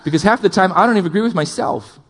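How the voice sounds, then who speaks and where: A male pastor preaching a sermon, impassioned, with loud emphatic build-ups, quieter asides and jokes for the congregation. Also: high-pitched, racing, a little hiss or hum.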